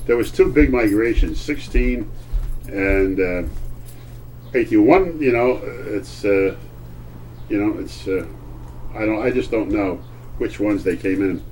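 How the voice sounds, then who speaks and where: An elderly man recalls family history in a slow, halting way, circling back and restarting as he hunts for names. His voice sits low. He was taped from across the room, with a faint hiss behind him. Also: a little mellow. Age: older. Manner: halting, searching for words, repeats himself. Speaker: grandfather telling family history. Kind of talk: casual storytelling at home. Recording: distant old home recording with faint hiss.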